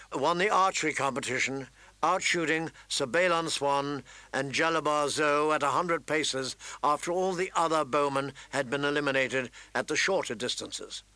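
Man, audiobook narrator, bright forceful tone, dry close sound, dramatic reading. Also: a little high, dry recording. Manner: reads with dramatic emphasis, raising voice for shouted quotes. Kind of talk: scripted narration.

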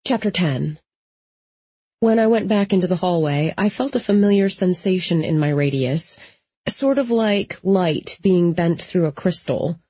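A woman's voice: on the low side, lively intonation, a little slow, dark tone, slightly rough, no echo. A woman narrating a first-person audiobook in a dry, wry storytelling manner, close to the mic. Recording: slightly dull lo-fi.

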